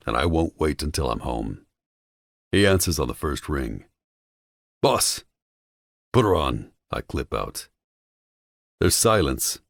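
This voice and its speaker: A man narrating an audiobook in the first person, with intense, expressive storytelling. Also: extremely low pitch, dry recording, clean studio sound.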